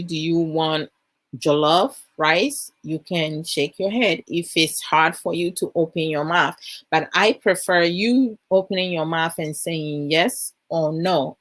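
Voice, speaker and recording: An adult Ghanaian mother of a young child, hosting parenting advice, tells a family story as a casual, relaxed monologue, chatty and full of fillers like "you know" and "I'm like". Her voice is lowish but jumps higher when she acts out her questions to her child. The sound is close and dry, with no room sound.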